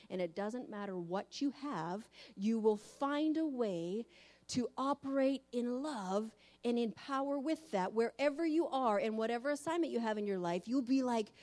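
A woman preacher giving a sermon in an animated storytelling manner. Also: fairly high pitch, moderate pace.

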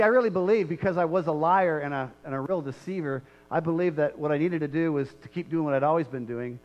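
Man preaching conversationally, slightly high voice. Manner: conversational, repeats key lines, asks "right?". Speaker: pastor. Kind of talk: sermon. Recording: muffled lo-fi recording.

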